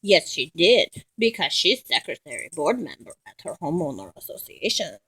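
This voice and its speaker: A woman's voice: low voice, big pitch swings, moderate pace, fairly bright tone, husky, no room sound, low-quality recording. A woman at home talking to her dogs in cooing baby talk. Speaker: dog owner.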